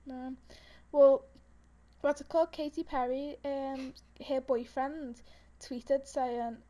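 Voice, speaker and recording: A woman's voice: sits high, steady tone, takes it slowly, mellow. A young woman, chatting casually as a podcast co-host and telling rambling stories with lots of fillers and giggles. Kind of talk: casual chat.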